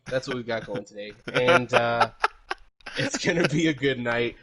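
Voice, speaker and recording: A man's voice: medium pitch, moderate pace, a bit bright. A man from El Paso hosting a podcast in casual, rambling chat, with jokes and swearing. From El Paso, Texas. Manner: rambling, profane, jokey. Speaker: podcast host.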